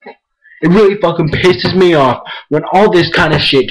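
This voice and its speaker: A man's voice: sits high, unhurried, a little hiss or hum, poor audio. A young man ranting angrily into his camera, profane and repetitive. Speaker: vlogger. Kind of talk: angry rant to camera.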